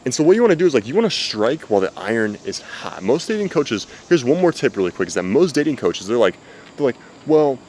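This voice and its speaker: A man's voice: medium pitch, very animated, fast talker, a little mellow, a little hiss or hum. A man giving blunt, profane dating advice in casual talk to camera, outdoors. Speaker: dating coach. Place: outdoors with cicadas. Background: faint cicadas.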